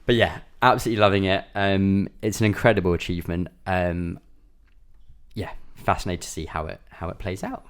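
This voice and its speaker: He's a podcast co-host with a low, smooth voice and a steady tone, talking a little fast. The chat is casual and rambling, heavy on fillers.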